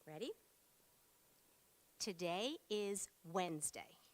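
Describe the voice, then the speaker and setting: Upbeat woman teacher with a lively voice. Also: lowish voice, takes it slowly. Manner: upbeat, encouraging, prompting in short words. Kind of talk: classroom phonics demonstration. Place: school meeting room.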